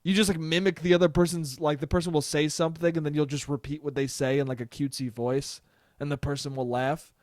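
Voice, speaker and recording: A man's voice: fairly high pitch, level tone, quick pace, a little mellow, no room sound, clean studio sound. A young adult man hosting a solo podcast, rambling casually with lots of swearing and frequent laughter. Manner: rambling, profane, laughs often. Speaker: podcast host.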